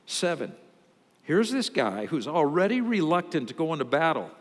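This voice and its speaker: A man preaching in a church sanctuary, his voice sitting high and swinging widely as he acts out the story's lines. The sound carries a long hall reverb behind every phrase. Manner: animated storytelling with acted-out quotes. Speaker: pastor. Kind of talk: sermon.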